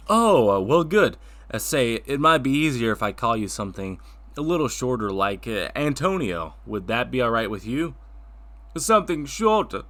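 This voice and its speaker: A man's voice: medium pitch, very animated, moderate pace, fairly bright tone. A man hosting a comedic talk show as a friendly tractor, stammering and bumbling over names.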